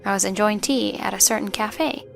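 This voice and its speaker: A woman giving a scripted first-person story narration in an even, measured way. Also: mid-range voice, vocal fry. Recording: faint music underneath.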